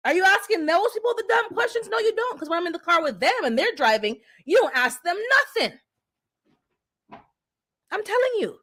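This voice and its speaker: A woman's voice: very high-pitched, lively intonation, fairly quick, fairly bright tone. A woman in casual chat, speaking emphatically and with exasperation, repeating words for force. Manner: emphatic, exasperated ranting with repetition.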